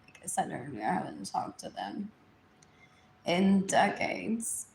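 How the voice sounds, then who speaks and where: A woman's voice: lowish voice, sing-song, measured pace, creaky, a little mellow. A woman, rambling through a live-stream monologue, repeating herself and dropping into whispers. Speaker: livestream host. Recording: echoey room, faint background noise.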